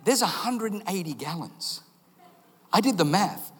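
High-voiced animated male preacher. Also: a little slow, husky. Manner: animated, jokey storytelling, acts out voices. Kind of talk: sermon. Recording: long reverb in a large hall.

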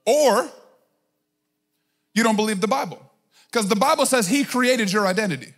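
Pastor, male, 30s, very high voice; chatty, punchy sermon delivery. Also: moderate pace. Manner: emphatic, conversational preaching with many filler "like"s.

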